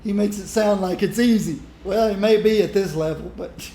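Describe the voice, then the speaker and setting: A man's voice: high voice, moderate pace, dark tone, echoey room, a little hiss or hum. A man chatting casually while streaming a game, rambling and laughing often. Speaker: gaming streamer. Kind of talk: casual gameplay commentary.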